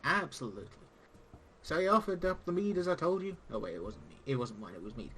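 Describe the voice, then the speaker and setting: A man chatting casually while co-reading a game on stream, quick to laugh and make jokes. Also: on the high side, sing-song, a bit bright, slight background noise, low-quality recording. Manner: laughs easily, joking asides. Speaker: co-host and reader.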